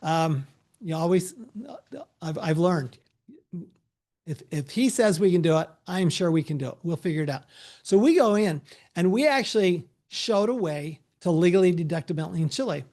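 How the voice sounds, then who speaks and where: A middle-aged man, a tax advisor, giving a relaxed, anecdote-filled presentation over a video call with frequent restarts. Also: a little high, moderate pace. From United States.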